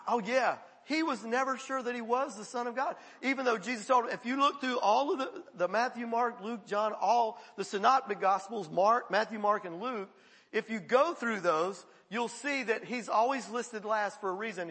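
A man's voice: sits high, bright, forceful tone, husky, in a large hall. A man preaching a conversational sermon as pastor, acting out quoted voices and laughing along with the congregation.

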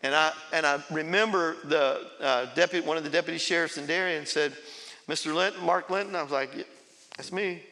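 A man preaches his testimony to a congregation, breaking into laughter and acting out voices as he goes. His voice sits a little high, with a bright, gravelly edge. It carries through the long reverb of a big church sanctuary. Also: fairly quick. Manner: storytelling with laughs and acted quotes. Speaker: pastor. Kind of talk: sermon testimony.

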